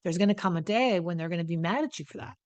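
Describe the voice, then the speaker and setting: A woman's voice: lowish voice, fast, a little mellow, dry recording. Blunt, salty-mouthed woman giving advice. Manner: blunt, profane, emphatic. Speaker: host, addiction recovery coach. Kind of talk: direct-to-camera advice talk.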